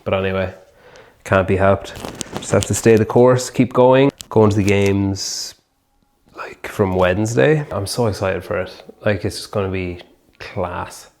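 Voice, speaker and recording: A man's voice: lowish voice, a little slow, a little mellow, slight background noise. A young man chatting casually as a podcast host, rambling and filling his sentences with "like". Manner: rambling, heavy use of "like". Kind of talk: casual vlog chat.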